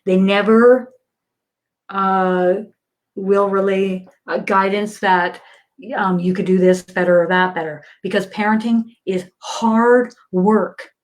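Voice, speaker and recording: During a casual livestream reading, a psychic medium speaks loosely and slowly with a steady, mid-range voice. Her sentences are packed with ums and likes, and she laughs easily between thoughts.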